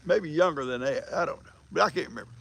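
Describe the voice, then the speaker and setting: Folksy older man, very gravelly voice. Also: fairly high pitch, expressive, fast, fairly bright tone. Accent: American country. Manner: folksy, rambling storyteller. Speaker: livestream host. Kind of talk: casual chat reading viewer comments.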